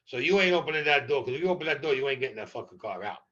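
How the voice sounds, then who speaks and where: An older man tells stories as an interview guest, blunt and profane. His voice is bright and forceful. The recording sounds a little dull and muffled. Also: medium pitch, rapid-fire. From New York. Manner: blunt, profane, animated storyteller. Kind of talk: storytelling in a podcast interview.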